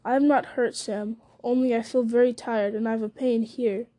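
A woman reading the part of a weary, frightened young male hobbit with an anguished, halting delivery. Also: fairly high pitch, fairly even intonation, warm tone, lightly acted.

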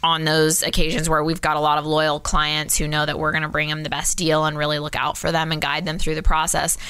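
A woman's voice: deep voice, completely flat delivery, brisk, pushed and bright, clear, resonant tone, no room sound. A woman co-hosting a podcast, explaining mortgage shopping in an upbeat, chatty way while a little under the weather. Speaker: podcast co-host, mortgage broker. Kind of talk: casual podcast chat.

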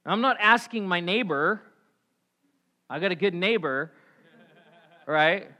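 A male pastor preaching with a bright, forceful voice pitched a little high. He swings from loud, emphatic calls to quiet, low asides to the congregation. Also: animated, slow pace. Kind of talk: sermon.

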